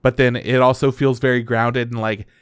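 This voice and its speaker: A man co-hosting a podcast in relaxed casual chat, easygoing and agreeable. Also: mid-range voice, normal speed, smooth, dry recording, studio quality. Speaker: podcast co-host.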